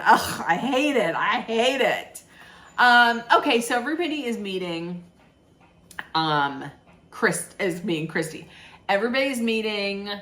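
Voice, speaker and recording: A woman's voice: mid-range voice, a bit bright. A woman recapping a reality show in a chatty, sarcastic way, with laughing asides. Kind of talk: casual chat recap.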